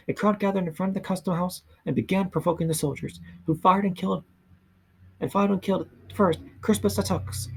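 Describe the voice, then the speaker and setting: A man reading a history book aloud in a soft ASMR style, slow and halting, often stumbling and restarting words. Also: high-pitched, slightly rough. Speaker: ASMR reader.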